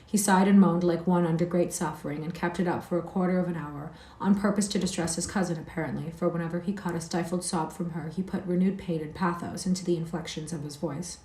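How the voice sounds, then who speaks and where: Woman reader, low mellow voice, livestream novel reading, echoey room. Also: fast, hardly any pauses. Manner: steady, occasional slips and restarts. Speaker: audiobook reader.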